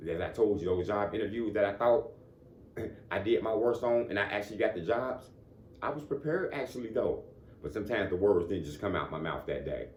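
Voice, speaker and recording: Man, motivational speaker, deep-ish voice, laid-back chatty delivery, little laughs, roomy echo. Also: a little fast, darkish tone, a little hiss or hum. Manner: conversational, keeps asking "you know what I'm saying"; chuckles between points. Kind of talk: casual motivational talk. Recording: echoey room.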